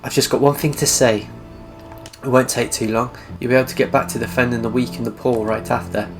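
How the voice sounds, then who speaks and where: A man's voice: medium pitch, fairly even intonation, brisk, natural voice. A man reading the lines of a taunting, mysterious male ghost passenger in a video game, needling and mocking. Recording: game music behind.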